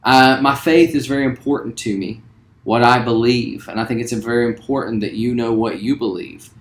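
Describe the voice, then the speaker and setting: Give me a man in his forties, a teacher introducing himself in a relaxed, friendly way, recorded in an echoey room. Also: mid-range voice, normal speed. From West Virginia. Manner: relaxed, friendly, frequent ums and uhs. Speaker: high school theater teacher. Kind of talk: recorded self-introduction to students. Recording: roomy echo.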